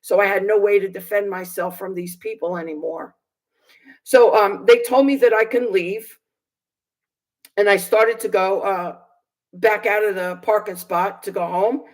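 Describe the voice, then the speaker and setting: A woman who preaches on video tells her own story as a personal testimony, in an earnest, indignant and halting way with many fillers and restarts. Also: mid-range voice, fairly even intonation, darkish tone, low-quality recording.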